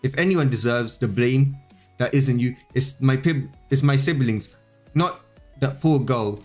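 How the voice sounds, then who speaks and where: A man's voice: mid-range voice, a little slow, soft background music, close to an everyday voice. A man reading a defiant boy hero. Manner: defiant and blunt. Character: bold, protective young boy hero.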